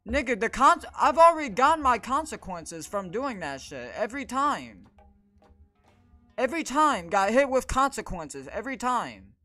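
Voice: medium pitch, very animated, moderate pace, sharp tone, soft background music. A gaming video creator giving gameplay commentary, frustrated and swearing constantly while ranting at the game.

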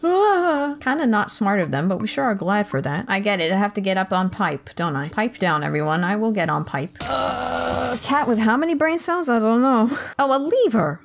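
A woman's voice: mid-range voice, expressive, moderate pace, creaky, few pauses. A woman hosting a gaming channel, casually commentating her playthrough, joking and talking to the characters on screen. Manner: chatty, joking, reacting aloud and talking to game characters. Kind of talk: casual let's-play commentary.

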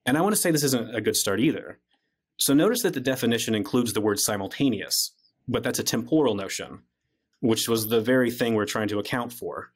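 A man's voice: mid-range voice, animated, fairly quick, slightly rough. A man, a guest philosopher, explaining an argument in an easygoing conversational way, often dropping in "like" as he reasons. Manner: casual, frequent "like" fillers while reasoning.

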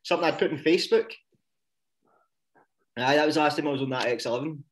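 A man's voice: fairly high pitch, fast talker, a little hiss or hum. A man with a Scottish accent, telling rambling, sweary stories in casual podcast chat and breaking into laughs. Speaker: podcast co-host.

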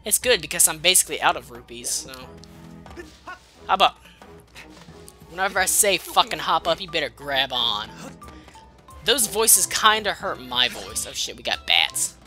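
A woman's voice: sits low, very animated, normal speed, long pauses, bright, forceful tone, soft background music. Swearing woman narrating a game. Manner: profane, sarcastic, muttering. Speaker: let's play host. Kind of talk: casual gameplay commentary.

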